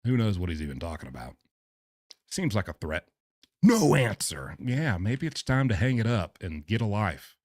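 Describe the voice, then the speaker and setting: A man's voice: on the low side, big pitch swings, moderate pace, a little mellow, no room sound, studio quality. A man streaming, reading messages aloud and reacting with sarcastic disbelief. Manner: incredulous, sarcastic.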